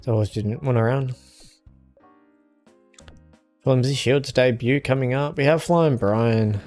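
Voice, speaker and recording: A young man streaming a game and chatting casually with viewers in a relaxed, easygoing way. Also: medium pitch, moderate pace, soft background music. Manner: relaxed, chatty, answers chat with small laughs. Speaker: gaming streamer.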